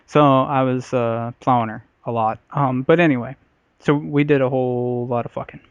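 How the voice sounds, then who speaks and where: A man's voice: mid-range voice, steady tone, normal speed, dry recording. Blunt, profane male podcast storyteller. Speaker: podcast co-host. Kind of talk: casual comedy podcast chat. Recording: slightly dull podcast audio.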